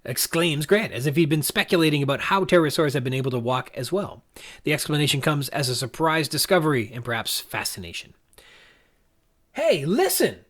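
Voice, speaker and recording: A man hosting a podcast, talking through a novel's punctuation in a measured, reflective, analytical way. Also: fairly high pitch, fairly bright tone. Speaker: podcast host.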